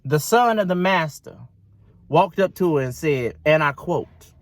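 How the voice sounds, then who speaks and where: A man reviewing a movie in a lively, dramatic storytelling way. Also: fairly high pitch, moderate pace. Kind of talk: casual video review.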